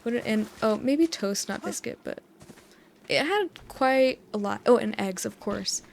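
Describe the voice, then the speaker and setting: A woman's voice: mid-range voice, lively intonation, measured pace, gravelly. Chill twenty-something woman from the us rambling over a game, giggles a lot, close mic, a bit of hiss. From United States. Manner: chatty, giggly, meandering storytelling. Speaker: gaming YouTuber. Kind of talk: rambling sleep-time gameplay chat. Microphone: USB dynamic mic close up.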